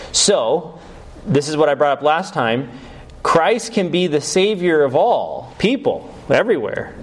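A man preaching a teaching sermon to his congregation, explaining points step by step and asking the listeners questions. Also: medium pitch. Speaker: pastor.

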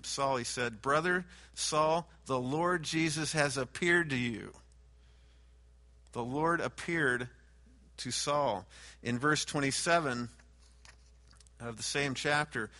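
Bright-voiced man preaching a sermon. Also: mid-range voice. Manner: emphatic, raises voice on repeated names. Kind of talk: Bible teaching sermon.

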